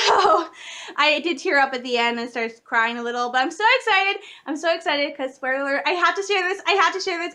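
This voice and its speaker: A young woman vlogging in a casual, gushing way, talking fast and emotionally. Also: high voice, bright, forceful tone. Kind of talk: excited casual fan vlog.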